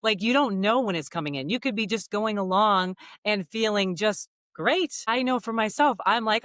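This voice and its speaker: A woman's voice: fairly high pitch, normal speed, hardly any pauses, a bit bright, no room sound, clean studio sound. A woman coach co-hosting a podcast, speaking reflectively with frequent "you know" asides. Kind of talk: casual podcast conversation.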